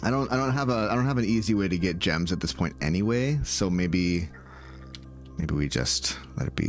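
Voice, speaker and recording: A man thinking aloud and talking to his viewers in let's-play commentary, moving from calm planning to loud outcries. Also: low voice, moderate pace, soft background music. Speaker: gaming video creator.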